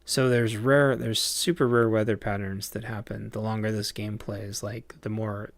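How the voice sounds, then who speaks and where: A man streams a game and chats loosely with his viewers. His voice has a gravelly fry at mid pitch, and he wanders through his thoughts with many ums and restarts. The sound is close and dry. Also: little pitch movement, normal speed, dry recording. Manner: rambling, lots of fillers and restarts. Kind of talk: casual livestream chat while playing a game.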